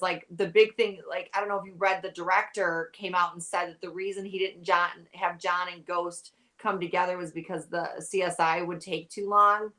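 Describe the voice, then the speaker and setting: A woman's voice: on the low side, fairly bright tone. A tired woman guest in a casual chat, rambling and saying "like" a lot. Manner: rambling, heavy use of "like". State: tired, yawning. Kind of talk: casual chat about a TV show.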